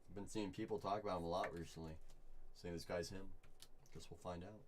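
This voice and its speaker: A man hosting a live card break, chatting with viewers and calling out each pull with bursts of excitement. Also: low voice, brisk, slight background noise. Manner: upbeat, chatty, reads chat and calls out pulls with bursts of excitement.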